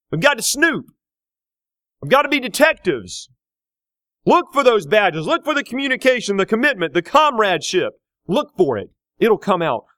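A man preaching a sermon, emphatic, building to loud repeated questions. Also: sits high, dry recording.

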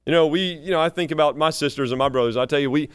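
A man, preaching a sermon that moves between soaring exhortation and low, chatty family stories. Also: rapid-fire, smooth. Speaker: pastor.

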